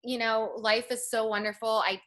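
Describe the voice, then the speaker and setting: A woman in her thirties telling her personal story in an interview, earnest and reflective, often slow and emotional. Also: a little high, fairly even intonation, fairly bright tone. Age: 30s. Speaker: interview guest.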